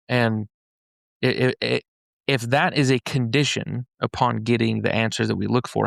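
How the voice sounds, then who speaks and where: Gravelly-voiced man telling a story. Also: medium pitch, no room sound, clean studio sound. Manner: storytelling, paraphrases scripture in everyday slang, frequent restarts. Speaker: podcast speaker explaining a faith-based framework. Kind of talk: casual podcast conversation. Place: podcast studio in Utah.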